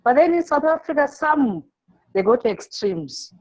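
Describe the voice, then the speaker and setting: A woman teacher from Zimbabwe, answering an interview by telling classroom stories in a halting way, repeating words and acting out the pupils she quotes. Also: sits high, big pitch swings, a little mellow, muffled recording.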